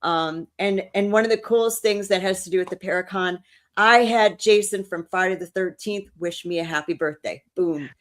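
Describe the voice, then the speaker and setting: A woman's voice: mid-range voice, moderate pace. A woman co-hosting a paranormal talk show, chatting casually and telling stories with emotion and frequent restarts. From New Orleans. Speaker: co-host. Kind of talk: casual chat.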